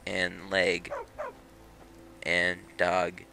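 A man doing let's play commentary, excitable, swearing and laughing at the game. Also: mid-range voice, takes it slowly, pauses often, faint music behind. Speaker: gaming channel host.

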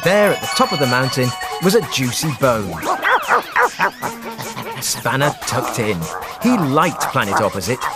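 A man narrating a children's story in an animated, expressive way. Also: mid-range voice, unhurried, long pauses. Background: music.

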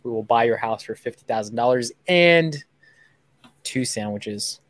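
A man's voice: mid-range voice, unhurried, low-quality recording. Joking young man chatting on a livestream. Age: 20s. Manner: joking, chatty, loose banter with viewers. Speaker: host making seller calls on a livestream. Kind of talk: casual livestream chat. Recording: steady background noise.

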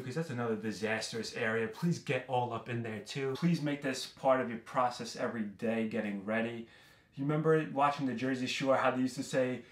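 A man's voice: mid-range voice, fairly bright tone. A young man from New York City casually reviewing a product, brash and joking as he talks straight to his viewers. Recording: roomy echo.

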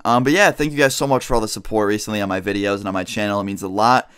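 A man's voice: fairly low pitch, steady tone, rapid-fire, a bit bright, clear, resonant tone. Young man rambling through a story. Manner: rambling and profane, heavy use of "like". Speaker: vlogger. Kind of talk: casual storytelling to camera.

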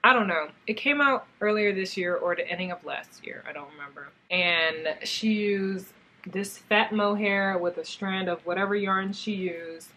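A young woman casually chatting in a crafts vlog, gushing and excitable as she shows off yarn and talks to it and her viewers. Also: medium pitch, normal speed, a little hiss or hum. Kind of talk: casual haul vlog chat.

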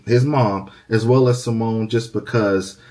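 Man, lowish voice, calm and steady, measured storytelling. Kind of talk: retelling a story.

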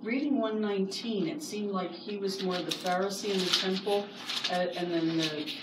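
A woman's voice: mid-range voice, normal speed. Hesitant woman speaking up from the class. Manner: hesitant, restarting phrases. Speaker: class member. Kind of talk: casual comment in class. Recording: distant mic in an echoey room, hiss.

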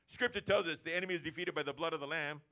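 A man preaches with a bright, forceful ring, his voice sitting a touch high for a man. He keeps the sermon energetic, slipping into everyday chats to make his points. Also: rapid-fire. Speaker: pastor. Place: church service.

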